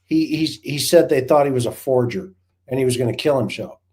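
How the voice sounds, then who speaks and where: A man with a warm, mellow voice tells a long story in casual conversation. He rambles and restarts, piling on vivid detail. His pitch sits in an ordinary middle range. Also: a little fast. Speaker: former hostage negotiator. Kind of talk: casual anecdote telling.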